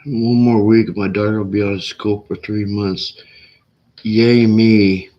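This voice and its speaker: A man's voice: lowish voice, flat delivery, unhurried, lo-fi sound. A man hosting a livestream, chatting casually and rambling with lots of "like" and restarts. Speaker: livestream host. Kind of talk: casual chat.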